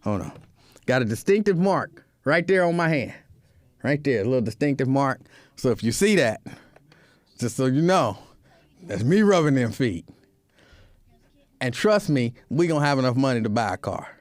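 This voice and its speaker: A man's voice: mid-range voice, big pitch swings, normal speed, pauses often, no room sound. A man hosting a show, telling a comedic casual monologue with joking, repetitive asides. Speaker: show host.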